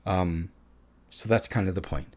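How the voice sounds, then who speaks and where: Excitable, opinionated man reviewing films. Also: sits low, a little slow. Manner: opinionated, excitable, voice jumping up when emphatic. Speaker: film reviewer. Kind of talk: casual spoken movie review.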